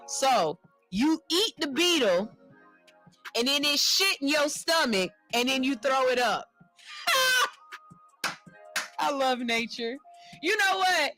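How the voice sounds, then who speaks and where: A woman hosting a morning radio show, reading a news story aloud and riffing on it with animated jokes. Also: a little high. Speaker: radio host. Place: radio studio.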